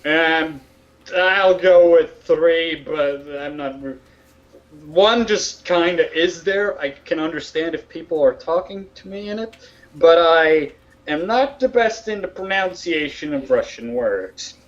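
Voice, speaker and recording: High-voiced man, blunt and lo-fi. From Latvia. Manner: blunt, swears, fast bursts. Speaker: podcast co-host. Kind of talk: casual chat. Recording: dull lo-fi audio.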